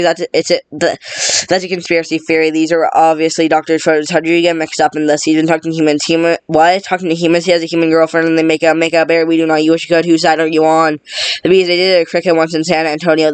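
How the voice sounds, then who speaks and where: Man reading a script aloud, quick pace, stumbles on words, dry close sound, slightly raised pitch. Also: smooth, dry recording. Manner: rapid, flat delivery, stumbling over words. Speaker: reader.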